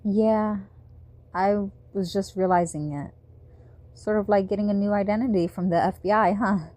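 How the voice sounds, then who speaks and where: A woman doing a jittery, wisecracking teen girl, lifted pitch, storybook reading. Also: moderate pace, no room sound, natural voice. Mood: wry. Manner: higher, brighter, wry. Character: teen girl, wry and scared but brave.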